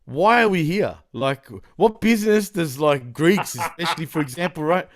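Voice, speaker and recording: Aussie guy on a podcast, bit higher voice, animated and sweary, does silly accents. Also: moderate pace. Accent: Australian. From Australia. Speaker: podcast guest. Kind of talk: casual chat.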